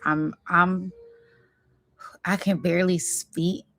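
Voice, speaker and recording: A woman hosting a spiritual reading vlog, talking in a slow, effusive and emotional way, close to tears of joy and calling her viewers y'all. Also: lowish voice, level tone, fairly bright tone. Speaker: spiritual reading channel host.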